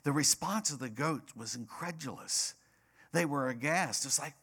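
A man's voice: medium pitch, expressive, moderate pace, fairly bright tone, husky. A man preaching a sermon as pastor, emphatic and repetitive, rising to passionate peaks.

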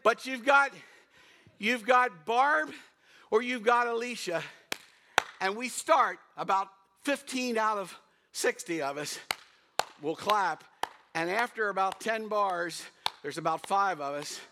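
A middle-aged man preaching a storytelling sermon as pastor, animated, humming tunes and raising his voice for emphasis. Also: sits high, slow, pauses often, noisy background.

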